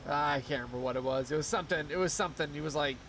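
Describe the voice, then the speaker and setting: A young man chats casually on a live game stream, rambling and swearing freely as he goes. His voice sits a little high for a man, and a faint hum of background noise runs under it. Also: rapid-fire. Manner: rambling, profane, laughs often.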